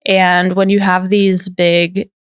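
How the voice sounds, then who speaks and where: A woman telling a personal story as a podcast guest, her voice smooth and resonant. She talks candidly and loosely, leaning on "like" fillers, and the sound is close and dry. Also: fairly low pitch, little pitch movement, slow, no room sound. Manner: candid, rambling, heavy use of "like" fillers.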